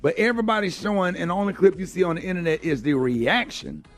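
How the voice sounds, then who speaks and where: A man's voice: high-pitched, soft background music. A man hosting a morning radio show, playful, joking and riffing with his co-hosts. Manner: playful, quick to joke and riff. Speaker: host.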